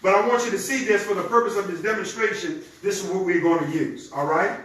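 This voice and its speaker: High bright man in an echoey room. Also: a little fast. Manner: energetic and conversational, talks straight to the audience. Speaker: presenter of a product demonstration. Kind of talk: live-streamed sales pitch. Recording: very echoey room, distant mic, faint noise.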